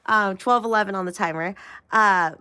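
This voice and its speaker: A woman's voice: medium pitch, normal speed, sharp tone, clear, resonant tone. Chatty, rambling woman tarot vlogger. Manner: rambling and chatty, laughing often, with self-mocking asides. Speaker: tarot reader and channel host. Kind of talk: casual spiritual vlog chat.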